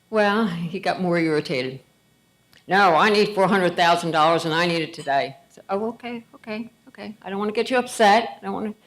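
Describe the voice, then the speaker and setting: Woman, middle-aged, lowish voice, conversational, tells anecdotes with quoted dialogue. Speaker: gala speaker. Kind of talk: storytelling speech.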